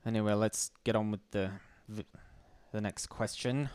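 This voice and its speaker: A man's voice: lowish voice, steady tone, darkish tone, clear, resonant tone, no echo. A man hosting a casual livestream, talking bluntly and sardonically, swearing freely and often restarting his sentences. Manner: halting, with frequent restarts. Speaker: livestream host.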